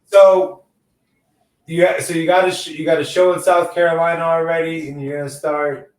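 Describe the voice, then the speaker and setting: Man, podcast host, fairly high voice, rambling casual chat, echoey room, set back from the mic. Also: flat delivery, moderate pace, a little mellow, distant mic. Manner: loose and rambling, says "dude" often.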